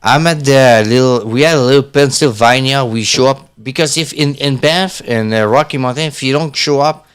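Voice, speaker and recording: Man, smooth clear voice, halting broken phrasing, casual chat. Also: mid-range voice, a bit bright.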